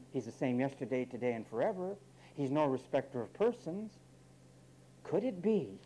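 Pastor, male, mid-pitched and warm-toned; emphatic sermon delivery, direct questions to the flock. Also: a little hiss or hum, low-quality recording. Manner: emphatic preaching, swinging from loud high bursts to low quiet asides; direct, blunt, asks the congregation questions.

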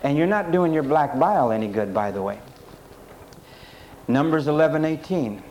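A man's voice: on the high side, animated, normal speed, darkish tone, a little hiss or hum, poor audio. A man preaching a sermon, speaking straight to his congregation in an emphatic, repetitive style. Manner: addresses the congregation directly.

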